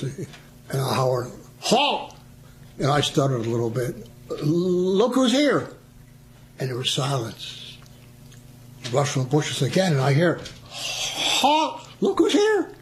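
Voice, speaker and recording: A man's voice: medium pitch, a little hiss or hum. An older man, a veteran, chatting through his war memories with frequent chuckles. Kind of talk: storytelling oral history.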